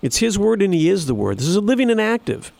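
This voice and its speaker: A man's voice: high voice, very animated, fast talker, gravelly, darkish tone, dry recording. A man preaching a sermon in an earnest, emphatic way, repeating phrases for stress. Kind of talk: sermon with scripture reading.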